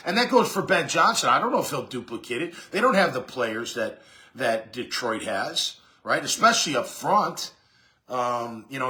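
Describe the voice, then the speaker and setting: With a sharp-toned, mid-range voice, a sports talk show host from around Jacksonville rambles casually through a monologue, full of filler words and sentences he starts over.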